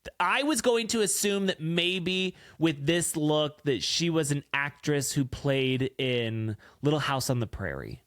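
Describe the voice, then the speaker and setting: Campy joking man, lively voice. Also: on the high side, measured pace, dry recording, studio quality. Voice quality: throaty. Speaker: podcast co-host. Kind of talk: casual chat.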